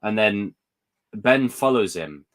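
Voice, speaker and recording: A young man hosts a live stream, rambling casually about movies and acting out scenes in exaggerated voices. His voice is lowish, animated and a bit bright, and he takes his time.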